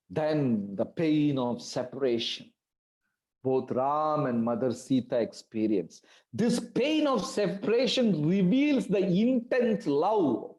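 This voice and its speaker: A man's voice: on the high side, darkish tone, echoey room, low-quality recording. A man telling a devotional scripture story to a class, acting out the characters' pleas with feeling. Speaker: spiritual teacher.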